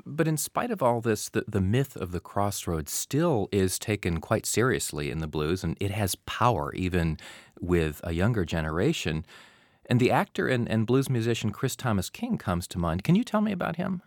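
Deep-voiced male interviewer. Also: big pitch swings, normal speed, dry recording, clean studio sound. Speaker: interviewer, host. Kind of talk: radio interview questions.

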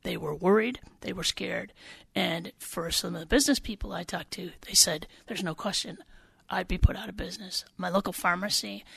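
A woman state senator from Wisconsin, answering radio interview questions in an earnest, deliberate, explanatory way. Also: lowish voice, vocal fry, sharp tone, slightly rough, dry recording.

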